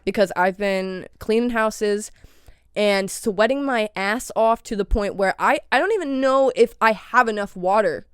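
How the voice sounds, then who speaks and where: A young woman from New England with a New England accent, hosting her own podcast in a casual, animated rant full of swearing and "like" fillers, getting over a cold. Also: medium pitch, unhurried, clear, resonant tone, no room sound, clean studio sound. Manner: animated, profane, lots of "like" fillers. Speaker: podcast host.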